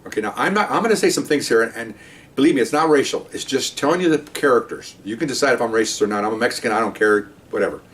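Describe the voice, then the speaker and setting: A middle-aged man, a former police officer, telling a story from his patrol days in a casual, animated way, talking to his listeners. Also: mid-range voice, racing, distant mic. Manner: conversational, animated, asides to listeners.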